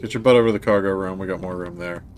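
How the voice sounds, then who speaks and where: A man reading a gruff thief-gang boss. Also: low voice, steady tone, racing, darkish tone, slight background noise, lightly acted. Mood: gruff teasing.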